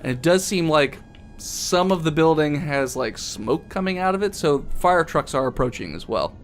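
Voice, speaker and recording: A man narrating as game master of a tabletop game, relaxed and chuckling as he describes the scene. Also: on the high side, moderate pace, a little hiss or hum.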